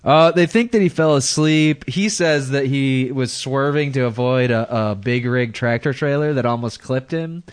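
A man's voice: medium pitch, normal speed, few pauses, no room sound. Man reading news stories in dry close sound. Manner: rambling, crude jokes, stumbles over names, laughs mid-sentence. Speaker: podcast co-host. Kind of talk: casual podcast chat, reading news stories.

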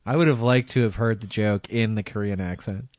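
A man's voice: on the low side, fairly even intonation, fairly quick, darkish tone, no room sound. A man co-hosting a comedy podcast, cracking jokes and laughing along. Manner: wisecracking, laughs often. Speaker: podcast co-host. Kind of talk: casual comedy podcast chat.

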